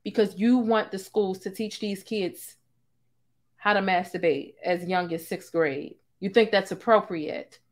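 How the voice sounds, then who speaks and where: A young adult woman hosting a live-stream, ranting in a sassy, profane, animated way with asides to her chat. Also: mid-range voice, unhurried. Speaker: host.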